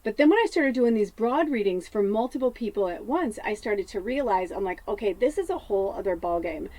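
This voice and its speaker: A woman's voice: mid-range voice, animated, a little fast, dark tone. A woman psychic medium in a rambling spiritual monologue, often laughing and swearing casually as she talks.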